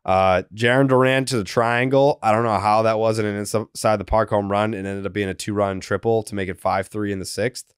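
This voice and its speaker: A man's voice: lowish voice, steady tone, brisk, smooth, no room sound, clean studio sound. A man from the area hosting a sports podcast, sarcastic and rambling. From Boston area. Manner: sarcastic, rambling, swears freely. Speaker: podcast host. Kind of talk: casual sports podcast chat.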